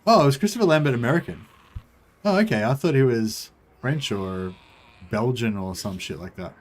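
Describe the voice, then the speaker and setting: A man's voice: medium pitch, expressive, moderate pace. Man rambling through a game livestream. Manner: rambling, chats with viewers, swears casually. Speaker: game streamer. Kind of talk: casual livestream commentary.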